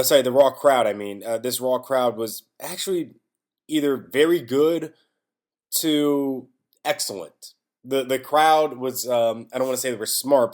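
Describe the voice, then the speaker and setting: Rambling man recapping a wrestling show. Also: lowish voice. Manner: rambling, with frequent restarts and self-corrections; wry and exasperated, swears casually. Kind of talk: casual solo recap.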